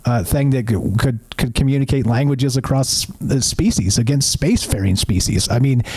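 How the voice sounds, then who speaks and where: A man hosting a casual chat, easygoing and quick to laugh. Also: medium pitch, darkish tone, breathy edge. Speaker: host.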